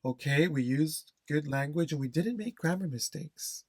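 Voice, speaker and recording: A man's voice: a little high, lively intonation, moderate pace, darkish tone, no room sound. A man teaching an exam-prep lesson, stressing key phrases, repeating them and checking in with "okay?". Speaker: English test instructor.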